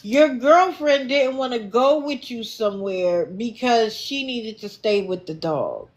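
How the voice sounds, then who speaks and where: A middle-aged woman hosting a livestream, giving casual, sassy commentary and answering her chat in an animated way. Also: fairly high pitch, unhurried. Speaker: livestream host.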